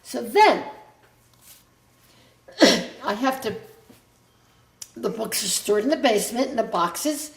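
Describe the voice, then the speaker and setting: Speaking slowly with a creaky, slightly high and animated voice, a mother shares family history with her grown child, pausing frequently. Her storytelling wanders and keeps breaking off to restart, and the room is reverberant.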